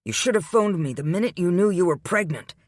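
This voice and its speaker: A man reading an audiobook, voicing a calm, domineering wealthy man who speaks in a measured, patient way. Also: high voice, no echo, studio quality, voice pushed up. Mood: commanding.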